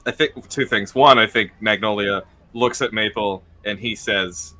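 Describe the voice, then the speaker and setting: A man's voice: fairly low pitch, a little slow, bright, forceful tone, slight background noise. A man playing in a tabletop game, describing his character's actions in a thoughtful way. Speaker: player.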